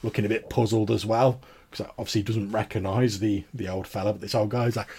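Husky-voiced man running a tabletop game. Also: on the low side, steady tone, fast talker, dark tone. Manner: rambling, filler-heavy narration. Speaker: game master. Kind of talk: narrating a tabletop role-playing game.

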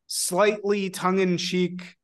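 High-pitched and slow, this man is a podcast guest who analyzes films. He talks animatedly, swears casually and often, and peppers his speech with "like" in a relaxed conversational chat.

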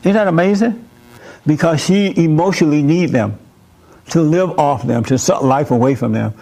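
Male preacher and show host, a bit high-pitched, blunt and emphatic in the pulpit. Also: moderate pace, gravelly, dark tone. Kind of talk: sermon. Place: room with a live audience.

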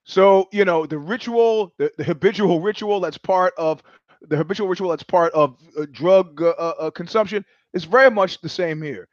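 High-voiced animated male host. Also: normal speed, no echo, highs cut off. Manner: animated, profane, repetitive restarts. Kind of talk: rambling comic monologue, live stream.

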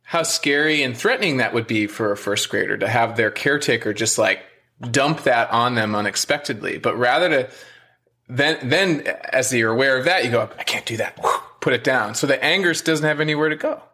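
A man's voice: mid-range voice, a little fast, sharp tone. Male podcast host, casual candid chat, filler-heavy, lots of mm backchannels.

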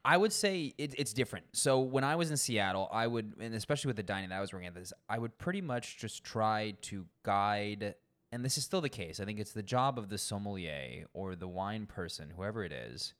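A young man, a sommelier, telling work stories in a casual interview, animated and acting out the people he quotes. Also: fairly low pitch, fairly quick. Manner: animated, acts out quoted people, frequent swearing. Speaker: guest sommelier.

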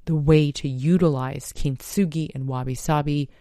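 Low-voiced, earnest woman host. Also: steady tone, normal speed, mellow, dry recording, studio quality. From United States. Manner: earnest and emphatic, swearing at times. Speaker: podcast host. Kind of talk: impassioned monologue.

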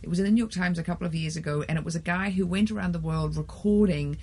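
A co-host telling an anecdote in casual chat, with animated delivery. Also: mid-range voice, fast talker, breathy edge.

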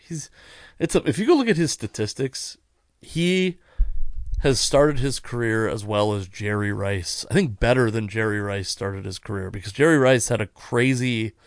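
A man's voice: on the low side, moderate pace, no room sound, clean studio sound. A man hosting a podcast alone, talking in a rambling way with wry asides and frequent self-corrections, and he sounds tired. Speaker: podcast host. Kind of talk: casual solo podcast monologue.

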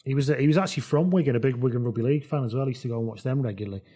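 Chatty man with quick asides. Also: medium pitch, dark tone, husky. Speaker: podcast host. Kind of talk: casual football chat.

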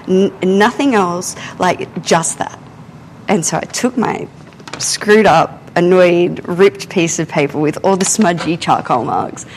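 A young adult woman, telling a candid personal story in a casual, animated way while she works in her art studio. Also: lowish voice, slight background noise, poor audio. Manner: animated, candid, often swears and laughs. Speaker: artist and podcast host. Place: art studio, drawing and climbing ladders while talking.

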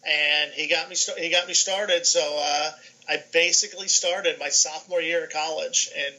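On a video call with poor audio, a middle-aged New Yorker who works as a sports information director guests on a podcast, telling lively stories. He acts out the dialogue in his anecdotes, speaking at a moderate pace in a fairly high voice.

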